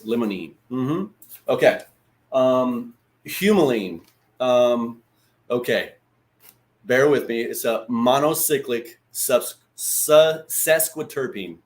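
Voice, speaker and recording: A man in the middle of his range, hosting a relaxed livestream lesson. His talk is loose and chatty, with plenty of swearing and quick hellos to viewers by name. He keeps it informal, like a friend explaining things. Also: medium pitch. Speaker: livestream host. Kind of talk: casual livestream teaching.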